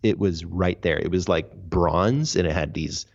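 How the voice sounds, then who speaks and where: A man's voice: deep voice, measured pace. A man, a podcast guest, recounting his story earnestly and emphatically in a casual interview. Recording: dull lo-fi audio.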